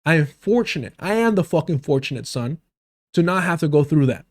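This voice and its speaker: Fired-up streamer dude ranting about a debate, swears a lot, sarcastic, voice sits a bit high. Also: male voice, expressive, brisk, darkish tone. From United States. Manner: heated, profane, sarcastic ranting. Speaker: political commentary streamer. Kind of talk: livestream debate commentary.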